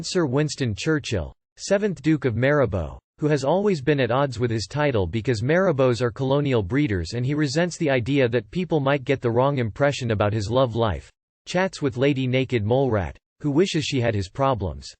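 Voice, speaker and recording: A man narrating online posts aloud with an even, steady read-aloud delivery. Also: mid-range voice, dry recording.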